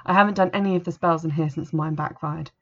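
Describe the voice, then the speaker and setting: A woman's voice: low voice, steady tone, fast. A woman voicing Annie, a cautious teenage girl who knows witchcraft, speaking with warning and reluctance. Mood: wary. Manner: warning, reluctant, a bit superior. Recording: dull lo-fi recording.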